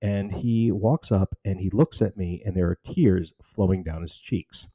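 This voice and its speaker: A man's voice: sits low, unhurried, dark tone, breathy edge, no echo. A man telling a personal story about his charity's beginnings, in an earnest, conversational, emotional way.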